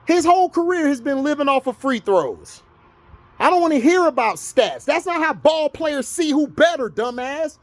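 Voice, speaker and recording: With a very high, animated voice at normal speed, a man from Florida in the US lays into his audience over sports. His on-camera rant is argumentative and scolding, recorded with no room sound.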